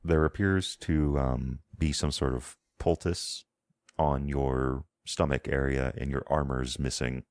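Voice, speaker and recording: A man's voice: a bass voice, fairly even intonation, unhurried, darkish tone, no echo, clean studio sound. A man as game master, narrating a tabletop game in a meandering, descriptive way, often searching for words.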